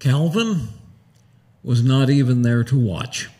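A man's voice: mid-range voice, animated, slow pace, warm tone, husky. A man narrating a one-man musical show with dramatic storytelling. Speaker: minister.

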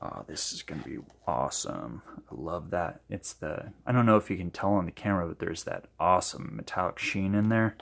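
A man's voice: low-pitched, animated, fairly quick, gravelly, few pauses, a little hiss or hum. A man hosting a paint-pouring video, chatting enthusiastically to the camera and thinking aloud as he mixes colors. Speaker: acrylic pouring channel host. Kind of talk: casual demo talk to camera.

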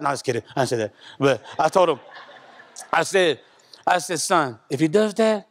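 Male preacher, high-pitched, lively sermon delivery, loud bursts then quiet asides. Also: a little fast. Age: young adult or middle-aged, father of a young son. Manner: animated, swings between loud and hushed. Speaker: pastor. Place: church.

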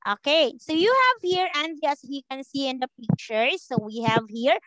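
High, bright-voiced woman teaching slowly. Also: big pitch swings, no echo, rough recording. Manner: patient, slow, repeats words for a learner. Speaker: English teacher. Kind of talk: online one-to-one grammar lesson.

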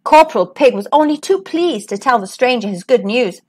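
A woman hosting a storytime channel, reading a children's picture book aloud with lively expression. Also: medium pitch, normal speed, hardly any pauses. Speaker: storytime host.

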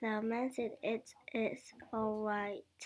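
Slow, halting woman reading a story. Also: fairly high pitch, little pitch movement. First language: not English. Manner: halting, careful word-by-word reading with some words half-whispered. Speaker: English learner reading her story. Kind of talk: reading a short story aloud.

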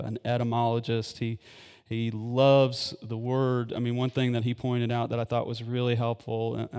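A man preaching at a live church service in an easy, rambling way, full of fillers and restarts. His eagerness comes through in quick asides to the congregation. His mid-pitched voice rings out into a long reverb from the hall. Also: darkish tone, clear, resonant tone. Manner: rambling, filler-heavy and enthusiastic. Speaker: pastor. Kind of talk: casual live sermon. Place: church sanctuary.

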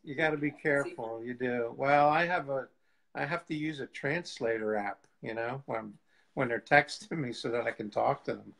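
A man's voice: medium pitch, normal speed, creaky, low-quality recording. A man, a guest evangelist, telling testimony stories in a casual live chat, laughing and acting out what people said. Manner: lively storyteller, laughs often, acts out quotes.

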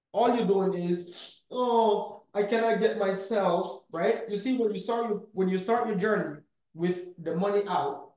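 A man coaching to camera in a punchy, emphatic way, with lots of "bam" and "boom". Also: roomy sound, low-quality recording. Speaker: real estate coach. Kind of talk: motivational teaching to camera.

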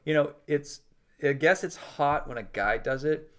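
A man co-hosting a casual podcast, animated and quick to laugh. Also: a little high. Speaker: podcast co-host.

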